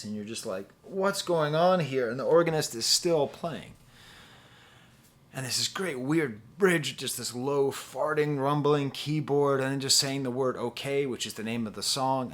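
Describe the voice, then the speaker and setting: Young male reviewer, casual and rambling, playful, hums snippets mid-sentence, mid pitch. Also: a bit bright. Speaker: music reviewer.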